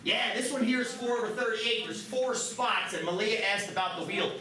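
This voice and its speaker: A man teaching a math class, lively and joking, with quick asides to his students. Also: sits high. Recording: roomy classroom, mic at a distance, background noise.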